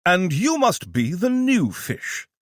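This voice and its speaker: A man's voice: sits high, huge pitch swings, no echo, clean studio sound, pitched above the performer's own voice, full character voice. A man voicing an eccentric, flamboyant weapons scientist with a New York accent who slips into a fake posh British voice. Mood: pompous, theatrical. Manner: fast-talking, theatrical, switches to a fake posh British put-on. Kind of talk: audiobook character voice.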